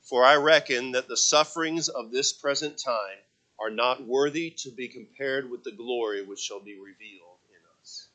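A man preaching a sermon to a congregation, swinging from quiet, conversational stretches to loud, impassioned calls with repeated words. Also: mid-range voice, normal speed. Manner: asks the congregation to read aloud with him. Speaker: pastor.

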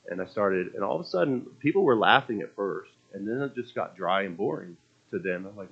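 A man's voice: fairly low pitch, a little fast, muffled recording. A man preaching a sermon in a conversational, storytelling way, often restarting his phrases.

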